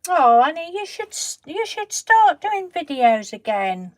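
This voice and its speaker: A woman hosting a craft live stream. She chats casually, greets viewers and answers them from the live chat, and reassures them gently, often trailing off mid-sentence and starting over. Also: very high voice, very animated, takes it slowly.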